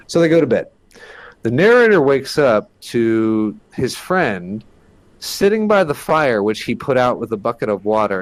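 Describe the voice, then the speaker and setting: A man telling a creepy story as a podcast guest, in a rambling, casual way full of fillers and the odd swear. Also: lowish voice.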